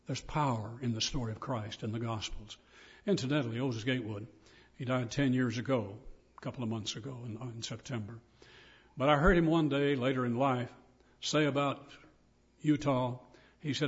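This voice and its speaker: Older male preacher, husky and earnest. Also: medium pitch, moderate pace, highs cut off. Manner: earnest, emphatic preaching with scripture quotes. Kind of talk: sermon.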